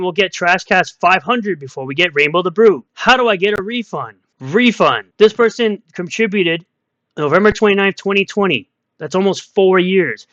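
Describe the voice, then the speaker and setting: A man's voice: sits high, fairly bright tone, dry recording, highs cut off. A man giving ranting online commentary in a combative, mocking way, repeating insults as he reads out comments.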